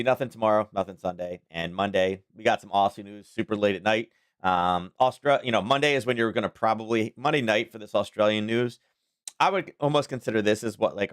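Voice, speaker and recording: A man's voice: lowish voice, fairly bright tone, smooth, dry recording, clean studio sound. A man hosting a casual daily market commentary stream, talking in a rambling, chatty way with frequent chuckles.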